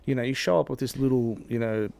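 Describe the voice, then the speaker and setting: A man's voice: medium pitch, steady tone, fast, gravelly, warm tone. A man, co-hosting a podcast in casual, jokey, rambling chat. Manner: jokey, rambling, self-mocking. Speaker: podcast co-host.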